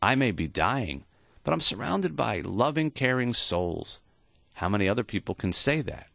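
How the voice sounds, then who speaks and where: Audiobook role: man doing frail old professor, soft and unhurried, lively lilt, dry close sound. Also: medium pitch, creaky, no room sound, full character voice. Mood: earnest. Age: older. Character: old dying male professor, gentle and accepting.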